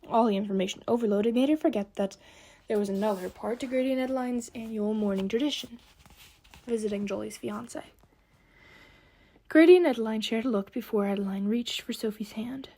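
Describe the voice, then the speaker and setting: A woman's voice: medium pitch, steady tone, fairly quick, warm tone. A woman narrating an audiobook, reading expressively and giving the characters their own voices.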